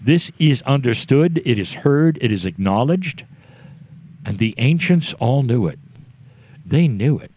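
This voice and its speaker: A man delivering a channeled spiritual message to a live audience, speaking in short measured phrases and addressing the listeners directly. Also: mid-range voice, lively intonation, darkish tone.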